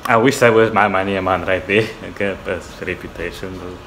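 Low-voiced man rambling over gameplay. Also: fairly even intonation, fairly quick, fairly bright tone, a little hiss or hum, low-quality recording. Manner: rambling, restarts, swears often. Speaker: gamer. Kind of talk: casual gameplay commentary.

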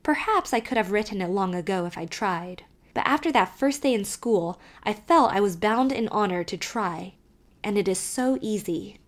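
A woman narrating an audiobook, reading a child's first-person letter aloud with expressive, varied delivery. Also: medium pitch, normal speed.

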